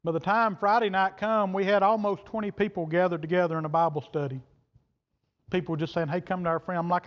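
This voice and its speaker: A man preaches a sermon with a high, steady voice at a fairly quick pace, recounting a story in a homespun, plain way and voicing the people in it. He's in a church sanctuary, and the recording has a dull, echoing church-hall sound.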